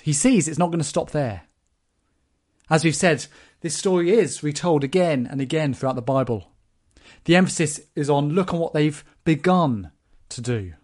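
A man's voice: a little high, darkish tone. A man preaching a sermon, explaining scripture with rhetorical questions.

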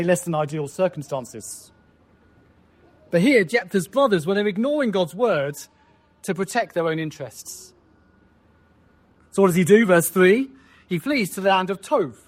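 A man preaching a sermon, leading his listeners through the text and asking them questions as he goes. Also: high-pitched. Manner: rhetorical, asks the listeners questions.

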